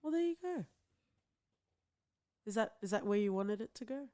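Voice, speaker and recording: A woman's voice: medium pitch, lively intonation, moderate pace, mellow. Giggly, chatty woman podcast host. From outside the United States. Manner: chatty, many fillers and giggles. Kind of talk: casual chat.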